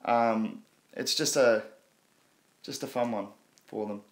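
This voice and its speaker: A man's voice: medium pitch, steady tone, slow. A man in his thirties with an Australian accent, hosting a casual live stream and chatting loosely with viewers. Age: 30s. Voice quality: laid-back, slangy, frequent laughs. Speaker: crypto livestream host.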